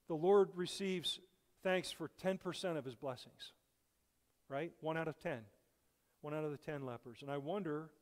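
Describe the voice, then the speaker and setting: A man's voice: fairly high pitch, a little mellow, in a large hall. A man preaching a sermon as a guest speaker in a church, with earnest emphasis that rises and falls. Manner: earnest, rising and falling emphasis. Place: church sanctuary.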